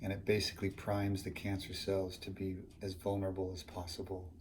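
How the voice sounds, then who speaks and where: A man explaining a medical plan at home, halting and matter-of-fact with many fillers. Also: low-pitched, completely flat delivery. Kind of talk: casual explanation. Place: home, indoors. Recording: noisy home recording.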